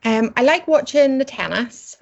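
A woman's voice: high-pitched, animated, normal speed, gravelly. A woman being interviewed, talking cheerfully and chattily about her business and her plans, often laughing. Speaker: interview guest, coach. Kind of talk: casual interview chat. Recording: slightly dull audio.

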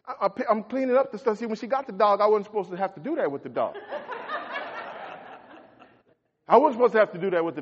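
A middle-aged man preaching a folksy sermon as a pastor, swinging between shouts and quiet asides. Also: high voice. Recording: echoey hall, dull lo-fi sound.

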